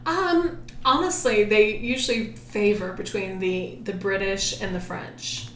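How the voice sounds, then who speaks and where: A woman's voice: medium pitch, measured pace, a bit bright. A woman co-hosting a casual chat podcast, playful and laughing often. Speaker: podcast co-host. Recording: echoey room with some noise.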